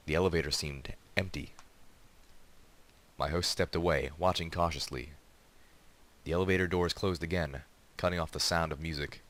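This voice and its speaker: Deep-voiced man reading a story. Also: fairly bright tone. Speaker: reader. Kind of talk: reading a fan story aloud.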